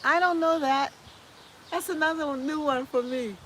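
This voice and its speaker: A woman's voice: high voice, moderate pace, a bit bright, slight background noise. A woman from the US hosting a casual gardening live stream, reading viewer comments aloud and chatting back with easy laughs. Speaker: host reading live chat.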